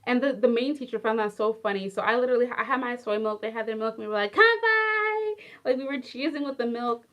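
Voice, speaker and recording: A young adult woman who used to teach English tells personal stories in a casual vlog, chatty, animated and affectionate, with plenty of feeling and heavy use of "like." Her voice is on the high side and quick, with the highs cut off in the recording.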